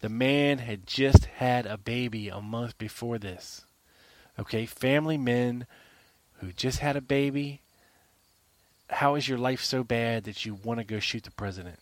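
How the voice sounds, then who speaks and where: A man hosting a solo podcast, pressing his point with emphatic repetition and rhetorical questions in a mid-pitched voice. The recording is dry and close, with no room echo. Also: unhurried. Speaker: podcast host. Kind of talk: argumentative solo monologue.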